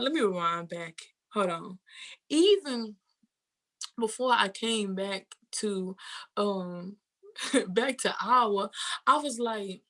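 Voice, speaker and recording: A woman's voice: medium pitch, fairly bright tone. A young woman talks through her personal testimony in an interview. Her delivery is candid and rambling, full of fillers and quoted thoughts. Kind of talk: personal testimony, casual storytelling.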